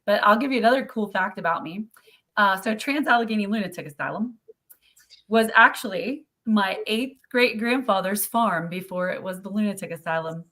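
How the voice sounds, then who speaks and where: A woman's voice: mid-range voice, moderate pace, bright, forceful tone. Woman, mid-range voice; chatty stream guest who laughs easily and acts out the people she quotes. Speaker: owner of a haunted site, guest. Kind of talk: casual live-stream chat.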